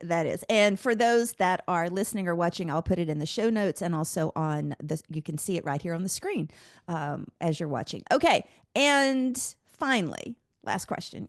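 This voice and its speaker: A woman's voice: on the low side, no room sound, clean studio sound. A woman hosting a podcast, asking interview questions in an upbeat way and laughing often. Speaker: podcast host. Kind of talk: casual interview.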